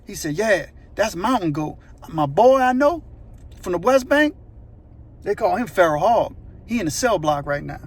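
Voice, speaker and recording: A man telling a prison story in a casual, animated, slangy way, acting out voices and sounds. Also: high-pitched, moderate pace, slightly rough. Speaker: storyteller recounting prison life.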